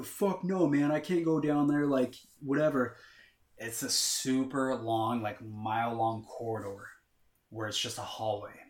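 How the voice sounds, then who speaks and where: A man's voice: lowish voice, fairly bright tone. A man talking in a casual chat, rambling with lots of filler words and casual swearing. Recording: roomy echo.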